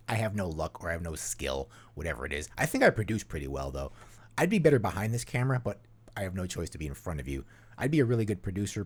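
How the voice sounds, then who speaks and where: A man's voice: on the low side, darkish tone. A man co-hosting a casual podcast, rambling and self-deprecating and leaning heavily on "you know". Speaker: podcast co-host.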